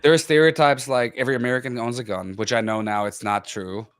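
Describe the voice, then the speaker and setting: A man from Germany with a German accent, hosting a casual chat and slowly spelling out how words are said. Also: medium pitch, fairly even intonation, smooth. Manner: explains pronunciations slowly, self-aware about a loud voice. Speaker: host.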